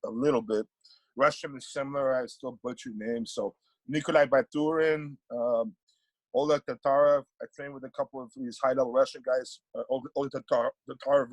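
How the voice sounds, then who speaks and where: Animated man on a podcast, dry sound. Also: medium pitch, fairly quick, no echo, poor audio. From Panama. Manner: animated, repeats words while thinking. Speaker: podcast guest. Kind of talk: casual interview chat.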